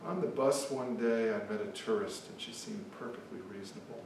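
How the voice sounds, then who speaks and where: A poet giving a live poetry reading, with chatty, offhand asides between poems. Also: male voice, fairly low pitch, fairly quick, recorded from a distance, noisy background. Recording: echoey hall, mic from afar.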